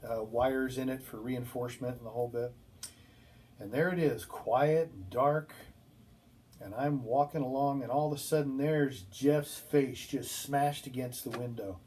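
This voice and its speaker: A man with a mid-range, slightly mellow voice gives a classroom lecture. He speaks casually, with many ums and restarts, while telling a story from his work.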